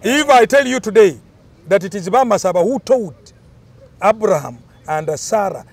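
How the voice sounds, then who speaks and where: Older guy, high voice swinging all over, emphatic storyteller. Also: expressive, normal speed, vocal fry, breathy edge, no room sound. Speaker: interviewee. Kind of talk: explaining cultural tradition.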